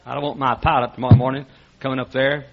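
A man preaching a sermon as pastor, animated and laughing, often restarting his sentences, on a dull lo-fi recording. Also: medium pitch, fast, vocal fry.

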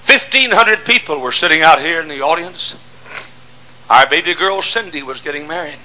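Older preacher man, high-pitched, very bright voice, dramatic sermon delivery. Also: expressive, normal speed, a little hiss or hum, rough recording. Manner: dramatic, swings from shouting to hushed storytelling.

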